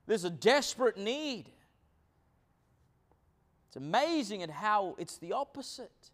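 A man preaching a sermon as pastor, with many fillers, swinging between hushed low lines and loud acted quotes. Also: very animated, measured pace, long pauses.

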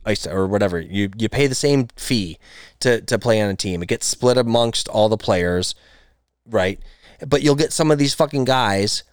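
Ranting, profane podcast host, dry sound. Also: male voice, medium pitch, clean tone, dry recording. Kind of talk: casual gaming podcast chat.

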